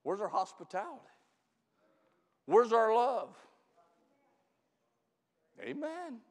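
High voiced pastor guy preaching, stretches out words loud then talks low and quick, long echo. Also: sing-song. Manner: preaches with loud drawn-out emphasis, calls out to the church; drops into quiet fast storytelling. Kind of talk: camp meeting sermon.

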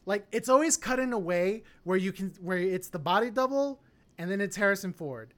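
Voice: mid-range voice, lively intonation, a little fast. A podcast co-host giving a casual, opinionated film review, rambling with lots of fillers and restarts. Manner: opinionated, blunt.

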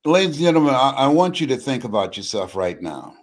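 A man's voice: mid-range voice, big pitch swings, a little fast. An older man, a motivational speaker, talking with a preacher-like cadence and repeating words for emphasis. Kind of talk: motivational speech in an interview.

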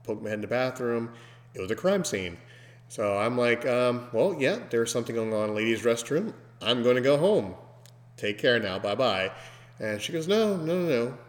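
A man hosting a podcast, telling a story casually and breaking into loud, animated mimicry of screams. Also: medium pitch, moderate pace. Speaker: podcast host. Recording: long hall reverb.

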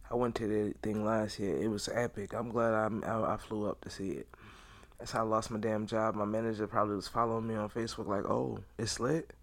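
A man's voice: lowish voice, little pitch movement, fast talker. A man hosting a podcast, talking through a rambling, blunt, slangy casual monologue. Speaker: podcast host.

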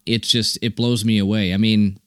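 A man's voice: lowish voice, level tone, moderate pace, a bit bright, no room sound, studio quality. A man reviewing a movie in casual chat, chatty and laughing often.

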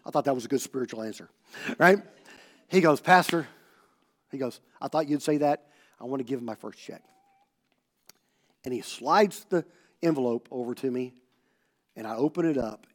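A man preaching a sermon as pastor, telling a story and acting out the dialogue, swinging from loud bursts to hushed tones. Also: fairly high pitch, expressive, moderate pace, long pauses.

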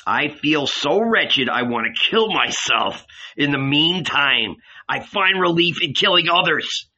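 A man's voice: a little high, expressive, a little slow, pushed and bright, slightly rough, lo-fi sound, full character voice. A man playing a brooding violent young man. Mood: brooding bitter.

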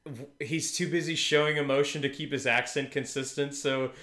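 A man's voice: a little high, steady tone, moderate pace, pushed and bright, roomy sound. A man co-hosting a podcast in a casual chat, rambling and restarting his sentences, often breaking into laughter. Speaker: podcast co-host.

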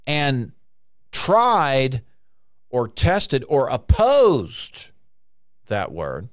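A man preaching a conversational sermon, now and then acting out frantic voices in sudden high bursts. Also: wildly swooping pitch, very slow, pauses often, no echo, studio quality.

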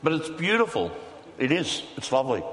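A man preaching a sermon, relaxed and conversational, tossing playful asides to the congregation. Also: medium pitch, fairly quick. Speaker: pastor. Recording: reverberant hall.

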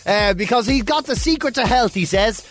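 A man's voice: very high voice, animated, moderate pace, a bit bright, faint music behind. A man co-hosting a casual radio chat, playful and prone to breaking into song. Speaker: radio co-host. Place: radio studio.

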